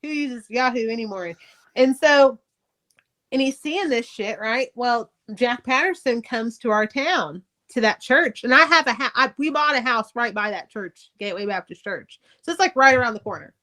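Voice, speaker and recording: A middle-aged woman, an author on a podcast, candidly telling her life story in casual, profane, animated speech. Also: on the high side, normal speed.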